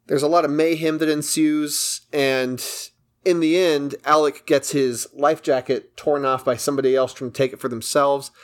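Enthusiastic man recapping a film. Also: on the high side. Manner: enthusiastic, recaps plot at length. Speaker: podcast co-host. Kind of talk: casual film review chat.

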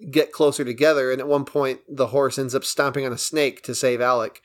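A man co-hosting a casual film podcast, walking through a movie's story with obvious enthusiasm. His voice sits at an ordinary middle pitch, and he keeps the plot retelling going at length. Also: little pitch movement, brisk. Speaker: podcast co-host. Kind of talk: casual film review chat.

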